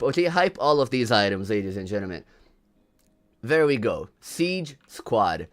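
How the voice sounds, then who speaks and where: Animated young Brazilian streamer. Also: male voice, lowish voice, a little slow. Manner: laughs often, slangy, repeats himself. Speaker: livestream host. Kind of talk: casual livestream commentary.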